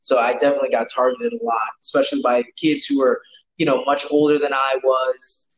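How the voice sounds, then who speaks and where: A man's voice: medium pitch, brisk, slight background noise, poor audio. A man, telling rambling, profane stories with lots of restarts in a casual chat. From New York.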